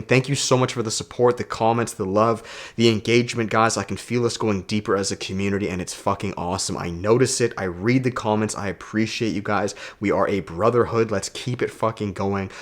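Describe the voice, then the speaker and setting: A man with a fairly low voice gives a motivational vlog monologue into the mic of the device he films on. He coaches self-development and talks in an emphatic, preachy way, peppering his points with curse words. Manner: emphatic, preachy, swears a lot.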